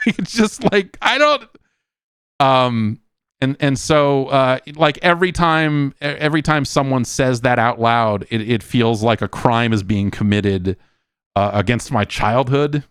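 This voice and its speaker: A man's voice: mid-range voice, lively intonation, unhurried, clean tone, no echo, studio quality. A middle-aged man hosting a solo podcast, rambling and exasperated, swearing often and restarting sentences. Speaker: podcast host. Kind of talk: casual solo podcast rant.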